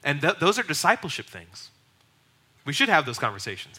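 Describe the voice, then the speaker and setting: A man's voice: on the high side, very animated, brisk, pushed and bright, slightly rough. A young man, a pastor, giving a casual, conversational teaching on evangelism and acting out quoted voices. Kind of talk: sermon teaching.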